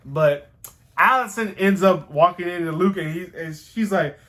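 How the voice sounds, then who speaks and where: A man casually rambling through a show recap, excitable and slangy, with some swearing. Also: fairly high pitch, slow, pauses often.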